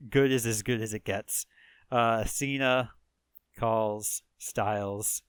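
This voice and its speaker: A man's voice: lowish voice, fairly even intonation, drawn-out words, pauses often, clear, resonant tone, dry recording. A man with a Chicago accent casually recapping a wrestling video game as a let's play host, rambling with lots of fillers and chuckles.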